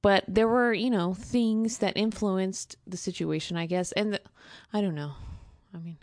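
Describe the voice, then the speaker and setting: A woman who is a guest in a casual interview, explaining earnestly and filling pauses with fillers. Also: mid-range voice, fairly even intonation, a little mellow, no echo, clean studio sound.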